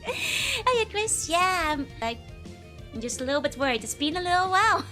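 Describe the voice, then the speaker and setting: A woman's voice: very high voice, very animated, normal speed, bright, forceful tone, faint music behind. A young woman streaming a game, chatting casually and giggling as she greets viewers by name. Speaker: VTuber streamer. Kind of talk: casual live-stream chat.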